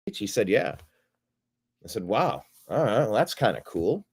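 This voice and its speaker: A man's voice: lowish voice, very animated, unhurried, breathy edge. Rambling male livestream host. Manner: rambling, retelling a phone call with quoted dialogue. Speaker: show host. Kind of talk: casual livestream monologue.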